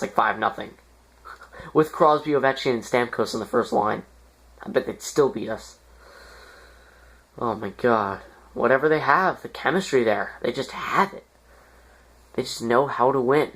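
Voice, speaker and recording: A man's voice: medium pitch, a bit bright. A man giving casual, rambling commentary over a hockey management game, with lots of fillers and sudden exasperated outbursts. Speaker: gaming YouTuber.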